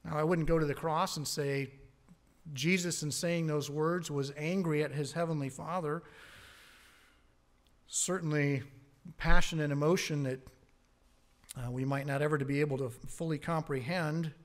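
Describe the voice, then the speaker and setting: A man preaching a sermon as pastor, earnest, rising on key words and dropping low on asides. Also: steady tone, normal speed, pauses often.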